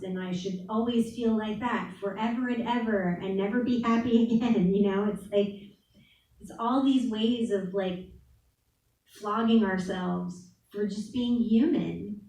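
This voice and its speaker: A woman's voice: medium pitch, steady tone, measured pace, dark tone. A woman giving a candid, casual talk at a spiritual center, laughing often and saying "like" a lot. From New Orleans. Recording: echoey room, voice from far off.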